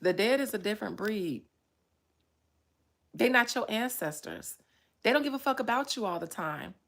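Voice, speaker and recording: A woman psychic talking casually on a livestream, profane and animated, breaking into laughter often. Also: medium pitch, moderate pace, vocal fry.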